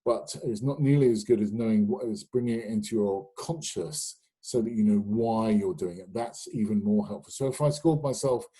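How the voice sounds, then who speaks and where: A man in middle age, from the UK, talks a live webinar audience through his sales ideas. His voice is dark and a little husky, and he is chatty and anecdotal, full of fillers and restarts. He speaks into a webinar microphone. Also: fairly low pitch, normal speed, few pauses, poor audio. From United Kingdom. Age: middle-aged or older. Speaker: sales trainer hosting a webinar.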